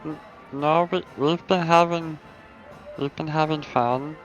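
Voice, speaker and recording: A man's voice: fairly high pitch, fairly even intonation, takes it slowly, dull audio, faint music behind. A man voicing a sweet, childlike male companion who is cheerful, eager and trips over his words. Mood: bubbly, eager.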